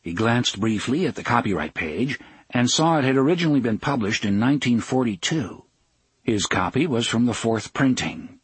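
A man's voice: mid-range voice, lively intonation, moderate pace, slightly rough, dry recording. A man reading a novel aloud as audiobook narrator, expressively voicing each character. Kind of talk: scripted narration.

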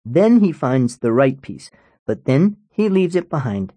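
A man voicing a bright little boy who explains things earnestly and literally, in a storybook reading. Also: medium pitch, very animated, measured pace, no room sound. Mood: explaining. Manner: earnest, matter-of-fact.

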